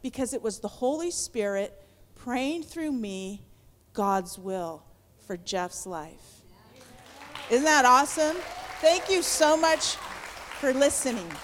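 Woman, high-pitched, sincere testimony speaker, reverberant church. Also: animated, slow, long pauses, fairly bright tone, a faint crowd, slight background noise. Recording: long hall reverb.

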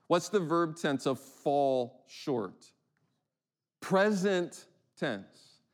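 A man preaching a sermon in a conversational way, with frequent restarts and slow, emphatic verse readings. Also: on the high side, animated. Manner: rhetorical questions to the congregation. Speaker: pastor.

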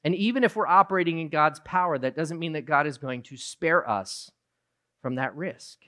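A preacher giving a sermon, moving from low, quiet reflection to loud, emphatic retelling of a story. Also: moderate pace.

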